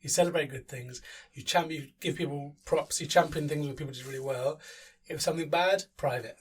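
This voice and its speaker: A man's voice: a little high, fairly quick, crowd noise. A man in a reflective group discussion, thoughtful and self-correcting as he speaks from personal experience. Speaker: community discussion guest. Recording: distant mic, faint room ambience.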